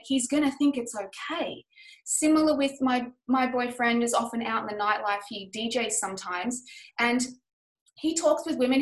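A woman's voice: a little high, reverberant, low-quality recording. A woman leading a casual group discussion, talking in an earnest, emphatic way and acting out the lines she quotes. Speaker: group facilitator.

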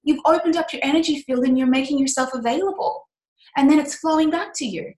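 Speaking quickly with a fairly high, slightly mellow voice, a woman lays out her ideas on business and mindset in a casual podcast chat. She's passionate, emphatic and candid, occasionally swearing, and the room gives her voice an echo.

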